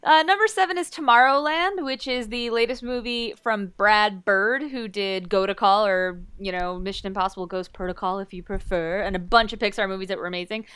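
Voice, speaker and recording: A woman's voice: mid-range voice, a little fast, hardly any pauses, fairly bright tone, clean tone, dry recording. A woman co-hosting a casual movie chat, rambling and self-deprecating as she runs through upcoming films. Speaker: podcast co-host.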